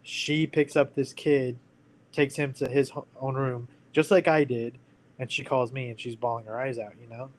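A man's voice: medium pitch, steady tone, moderate pace, low-quality recording. A man in his thirties, a podcast guest candidly telling a personal story in casual speech, full of "like" and "you know".

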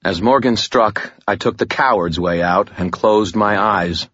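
A man reads an audiobook in a steady, measured manner. His voice is low and husky. The recording is dry and a little dull. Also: dry recording. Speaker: audiobook narrator. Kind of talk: scripted narration.

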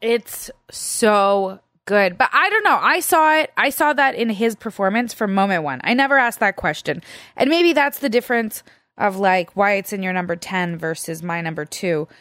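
A woman's voice: mid-range voice, expressive, moderate pace, a bit bright, no room sound, studio quality. A woman co-hosting a casual film review chat, emotional and gushing, tearful and laughing often.

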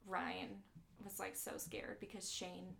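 A woman's voice: fairly low pitch, flat delivery, slow pace, creaky, a bit bright. A woman podcast host casually retelling a true story in a studio, chatty with many fillers.

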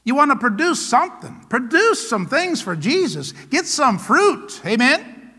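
High-voiced man preaching in an echoey hall. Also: sing-song, a little slow, bright, forceful tone, slightly rough. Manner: emphatic call-and-response preaching. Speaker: pastor. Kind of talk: sermon.

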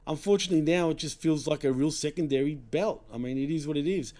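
A man in casual podcast chat about wrestling, laid-back, often trailing off with low, mumbled tag words. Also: fast, dark tone.

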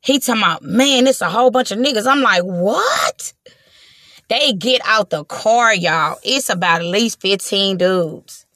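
A young woman from Watts tells a wild story in a casual, animated way, acting out the voices and swearing freely. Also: mid-range voice, a little slow, no room sound, clean studio sound. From Watts, Los Angeles.

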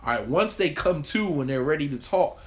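A man's voice: on the high side, lively intonation, moderate pace. A man leading a group talk on marriage, speaking conversationally and acting out quoted lines. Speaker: marriage workshop leader.

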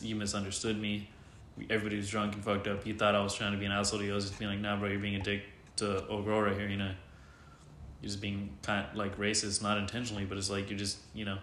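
A man telling a heated story in casual chat, animated and swearing, acting out what others said. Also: fairly low pitch, roomy sound, slight background noise. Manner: animated retelling, swears freely, quotes others in voices.

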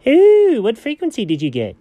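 Someone doing an excitable chatty buddy. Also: medium pitch, moderate pace, no room sound, narrow, tinny audio. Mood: playful. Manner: chatty, swooping, playful. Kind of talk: improvised audio story.

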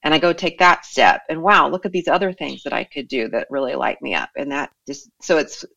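A woman's voice: sits low, fairly quick, vocal fry, muffled recording. A woman hosting a casual podcast chat about spirit and life paths, reflective and full of fillers. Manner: warm, reflective, many fillers.

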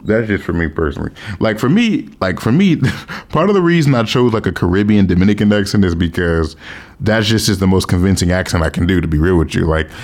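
American male podcast host, low-ish voice, very animated intonation, blunt and profane. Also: brisk. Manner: candid, blunt, swears freely. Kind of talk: casual solo podcast talk.

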